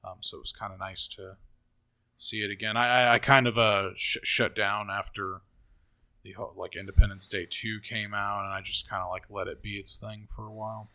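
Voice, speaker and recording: A man's voice: lowish voice, level tone, brisk, pushed and bright. A man casually discussing a film on a podcast, hesitant and stumbling over his words. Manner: hesitant, many fillers and restarts, laughs. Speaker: podcast co-host.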